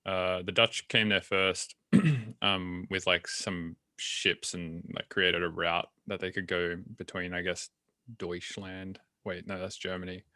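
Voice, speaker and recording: Low, bright-voiced man chatting. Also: flat delivery, no room sound, studio quality. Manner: loose and swearing, halting with fillers. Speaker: podcast host. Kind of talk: casual chat.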